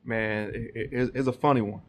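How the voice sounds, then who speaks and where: A man co-hosting a casual podcast, telling stories haltingly with repeats and chuckles. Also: mid-range voice, steady tone. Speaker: podcast co-host. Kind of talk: casual chat.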